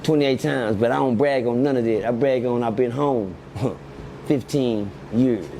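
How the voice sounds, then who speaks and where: A middle-aged man, telling stories in an animated, preachy way and repeating lines for emphasis. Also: medium pitch, measured pace, slight background noise. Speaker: podcast guest. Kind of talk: casual storytelling chat.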